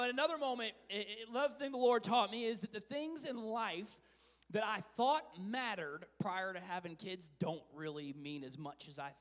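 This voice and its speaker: High-voiced chatty man preaching in a hall. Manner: rambling, chatty, self-deprecating storyteller. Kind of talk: casual sermon. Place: large church hall. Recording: reverberant church hall.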